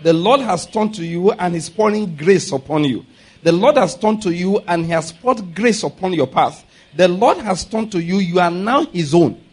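High-voiced pastor preaching. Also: male voice, expressive, normal speed, husky. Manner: humorous, laughing asides, leads congregation in declarations. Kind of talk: sermon with call-and-response.

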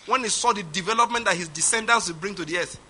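A man preaching a sermon, emphatic, swinging from loud declarations to quiet asides. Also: high voice, fast, slightly rough. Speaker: pastor.

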